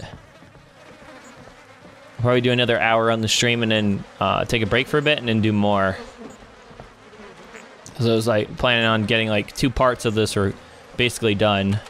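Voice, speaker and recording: A young man giving let's play commentary on a horror game, excitable and swearing, yelling in panic when chased. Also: on the low side, moderate pace, pauses often, a little hiss or hum. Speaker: gamer.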